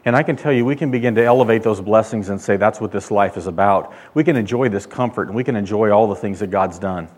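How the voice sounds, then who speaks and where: A male pastor delivering a sermon, emphatic, rising and getting louder when he quotes God. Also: on the low side, fast, few pauses. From California. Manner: emphatic preaching, loud when quoting God.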